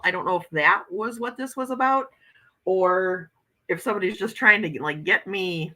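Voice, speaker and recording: A woman's voice: mid-range voice, normal speed, pushed and bright, rough recording. A woman hosting a casual morning livestream, chatting with viewers and reading their comments aloud as she shows oracle card decks.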